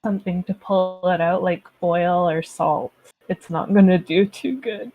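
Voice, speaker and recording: A woman in relaxed late-night chat, easygoing and quick to laugh. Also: on the low side, dry recording, highs cut off. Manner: laid-back, laughs often.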